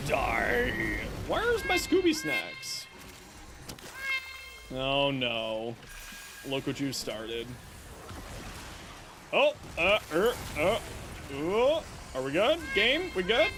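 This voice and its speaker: Lively, chatty male streamer. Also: a little high, drawn-out words, pauses often, noisy background. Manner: chatty, joking, talks to chat and his cat. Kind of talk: casual livestream chat while gaming.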